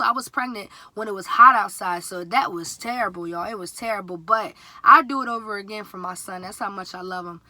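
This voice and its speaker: A chatty, animated woman in her twenties tells a casual storytime vlog, and her voice climbs higher whenever she quotes her dad.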